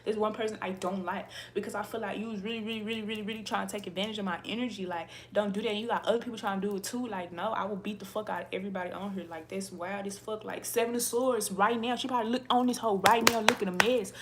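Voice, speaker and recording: Wściekła kobieta przeklinająca do widzów. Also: female voice, medium pitch, steady tone, quick pace, few pauses, a little hiss or hum. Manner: angry, profane, repetitive, laughing. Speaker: tarot reader. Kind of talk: ranting to livestream viewers.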